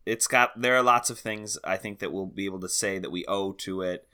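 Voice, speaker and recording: A man's voice: sits low, fairly quick, sharp tone, clean tone. A man co-hosting a podcast, chatting casually about a film, hesitant and full of fillers. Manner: hesitant, many fillers and restarts, easy laughs. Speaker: podcast co-host.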